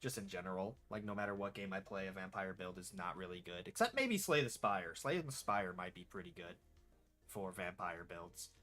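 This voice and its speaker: A man's voice: sits low, expressive, normal speed, bright, forceful tone, faint music behind. A young man casually commenting on his gameplay, laid-back and rambling, swearing now and then. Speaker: gaming streamer.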